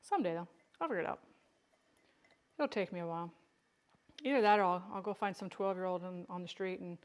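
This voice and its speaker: A woman's voice: fairly low pitch, a little fast, long pauses. A woman chatting casually with viewers while she cans beans. She jokes and teases herself as she works. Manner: chatty, joking, self-teasing, talks to viewers by name. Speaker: home canning vlogger. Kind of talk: casual cooking livestream chat.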